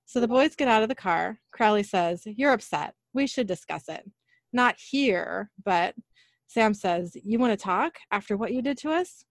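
A woman co-hosting a podcast, casually retelling an episode scene by scene and reading the dialogue aloud in a plain, even way. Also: medium pitch, moderate pace, no echo, studio quality. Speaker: podcast co-host recapping an episode.

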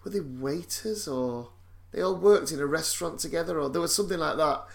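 A man's voice: fairly high pitch, a little fast, vocal fry. A man co-hosting a casual chat, wry and self-mocking, often laughing.

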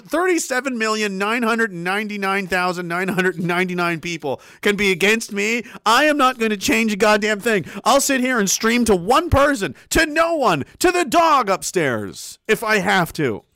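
Guy ranting on his stream, sharp bright voice, swears a lot. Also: sits high, dry recording, clean studio sound. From Canada. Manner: profane, forceful, repetitive. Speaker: livestreamer. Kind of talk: heated monologue rant on stream.

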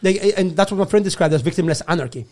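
A man's voice: sits high, fast, darkish tone. A man, a guest comedian, telling a rowdy story in a casual chat, laughing and swearing as he acts out the people in it.

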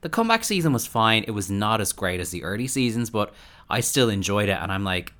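Bright, eager male podcast host, slightly low pitch. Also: very animated, brisk. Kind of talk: casual chat.

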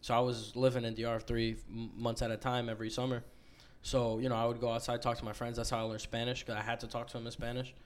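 A man's voice: medium pitch, completely flat delivery, fast, clean tone. Young man, casual storyteller, loose slangy delivery, swears a lot. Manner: laid-back storytelling, heavy profanity, slangy. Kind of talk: casual chat.

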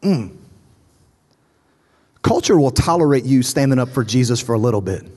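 In a large church auditorium full of long reverb, a thirty-something pastor delivers his sermon in a dark-toned, mid-range voice at normal speed with lively intonation. He tells stories, voices the dialogue himself, and works up to fervent repetition.

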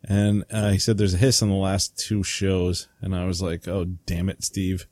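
Male podcast co-host, low dry voice, jokey and quick to laugh. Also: little pitch movement, darkish tone, no echo. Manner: joking, laughs often. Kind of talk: casual chat, reading listener comments.

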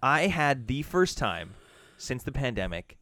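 A man, a bartender and podcast co-host, telling a profane, animated story with frequent restarts. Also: mid-range voice, unhurried, dry recording. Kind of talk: casual chat.

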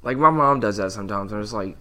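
A young man co-hosting a casual podcast chat, with a bright, forceful tone over a lowish pitch. He is blunt and profane, pushing his opinions hard. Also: fast talker. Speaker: podcast co-host.

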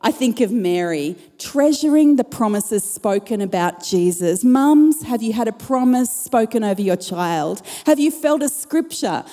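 Woman pastor, high warm voice, passionate sermon, reverberant hall. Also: lively intonation, a little slow, few pauses. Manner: passionate preaching with rising emphasis. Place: church auditorium.

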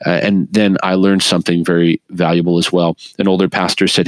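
A middle-aged man speaking as an interview guest, telling his story in an earnest, animated way with frequent laughs and restarts. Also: low voice, fairly quick, few pauses, no room sound. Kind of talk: earnest conversational testimony.

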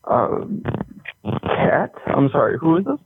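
A man's voice: a little high, wildly swooping pitch, slow, breathy edge, no echo. A man on the receiving end of a prank call, confused and curt, trying to get off the line. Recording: tinny phone line.

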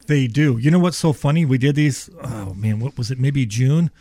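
A man, an HVAC business owner making an enthusiastic radio sales pitch full of restarts. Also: normal speed, mellow, dry recording.

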